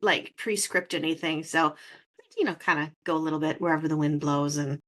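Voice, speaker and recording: A woman host with a Minnesotan accent and a fairly low-pitched voice, chatting casually with a guest. She sounds bubbly and laughs easily. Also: steady tone, fairly quick, a bit bright. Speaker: podcast host. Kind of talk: casual interview chat.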